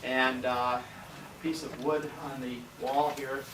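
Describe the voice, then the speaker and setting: A man's voice: medium pitch, flat delivery, slow pace. An older man, a retired history teacher, telling long rambling anecdotes on a school tour and acting out the voices of the people in them. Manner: rambling anecdotal storyteller, acts out quoted voices. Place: school classroom, indoors. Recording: roomy, distant, noisy camcorder sound.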